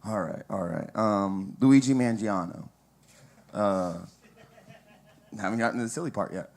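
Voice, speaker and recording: Loose, low-voiced comic working the crowd. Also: male voice, unhurried, darkish tone. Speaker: stand-up comedian. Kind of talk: stand-up crowd work.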